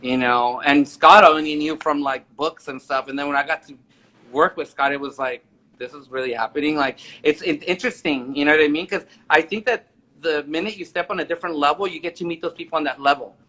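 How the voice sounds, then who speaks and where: Appearing as an interview guest, a makeup artist and photographer in his forties rambles eagerly through casual conversation, often restarting his sentences. He speaks briskly in a fairly high, sharp-toned voice.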